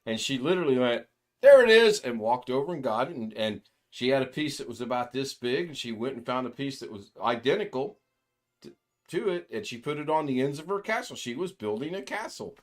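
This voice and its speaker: An older man hosting a casual livestream. He rambles through anecdotes at an ordinary middle pitch, acting out the people in his stories and chuckling as he goes. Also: animated, brisk. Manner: rambling storyteller who acts out quoted voices, chuckling often. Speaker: livestream host. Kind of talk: casual chat.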